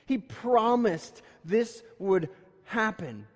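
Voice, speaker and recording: A man preaching a conversational sermon, telling stories casually and then pressing his points more loudly and emphatically. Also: high voice, sing-song, very slow. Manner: casual storytelling that rises to emphatic, louder points. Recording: long reverb of a large hall.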